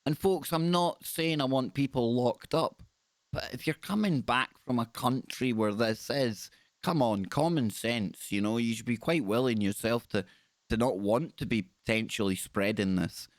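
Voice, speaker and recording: A man's voice: medium pitch, normal speed, no echo. Upbeat male call-in radio host. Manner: chatty, upbeat, repeats words. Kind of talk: live call-in radio chat.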